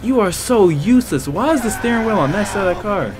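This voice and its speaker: Excitable young man yelling at a game. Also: high-pitched, a little fast, over music. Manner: loud, excitable, talks back to game characters. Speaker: gaming YouTuber. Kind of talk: let's play commentary.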